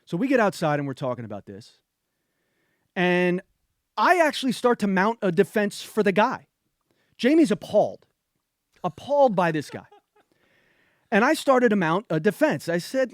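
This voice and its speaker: A man co-hosting a casual podcast, telling an everyday story in a chatty, animated way. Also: sits high, moderate pace, long pauses, dry recording, studio quality. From North Carolina, USA. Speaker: podcast co-host. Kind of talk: casual chat.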